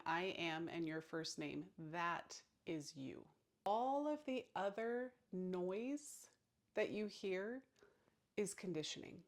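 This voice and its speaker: A woman in her thirties, a therapist, giving a calm, reflective self-help talk, speaking slowly and gently and dropping to a soft hush on key phrases. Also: on the low side. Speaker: therapist and burnout coach.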